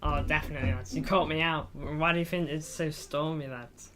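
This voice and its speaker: A man's voice: a little high, steady tone, brisk, pushed and bright. Chatty jokey football fan streamer, a man. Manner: chatty, jokey, reads chat aloud, calls viewers lad. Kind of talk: casual live stream chat. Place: indoors in front of a green screen.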